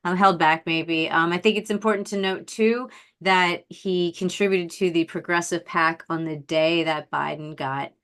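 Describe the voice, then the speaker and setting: A woman hosting a podcast in casual chat, animated, chatty and quick to laugh. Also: on the low side, clean tone. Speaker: podcast host.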